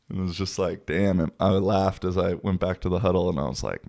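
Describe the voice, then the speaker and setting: A man's voice: low-pitched, fairly quick, creaky, hardly any pauses, darkish tone, dry recording, studio quality. A man, hosting a casual podcast and telling a rambling story with swearing and laughs. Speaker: podcast host. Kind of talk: casual solo podcast talk.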